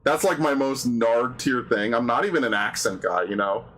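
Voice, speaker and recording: A man's voice: mid-range voice, moderate pace, fairly bright tone, low-quality recording. A young man hosting a game stream, chatting casually with crude, profanity-laced rants and banter. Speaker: streamer host.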